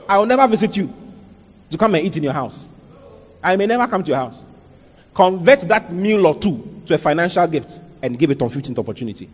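Emphatic preacher in an echoey hall. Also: male voice, sits high, slightly rough. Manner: emphatic, with rhetorical questions and "Hey!" interjections. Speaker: pastor. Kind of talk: sermon.

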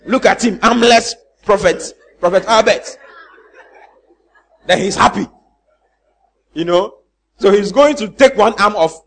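A man's voice: sits high, slightly rough. A man preaching a sermon, asking the congregation questions and mimicking church members for laughs. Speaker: pastor.

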